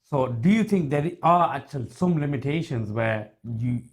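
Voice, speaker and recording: A man's voice: medium pitch, animated, moderate pace. A man co-hosting a podcast, posing a careful question hesitantly in casual chat. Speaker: podcast co-host.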